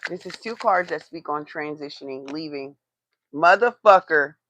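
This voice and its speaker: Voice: mid-range voice, normal speed, background noise. A tarot reader doing a live reading, blunt and profane, who swears for emphasis and talks straight to the chat.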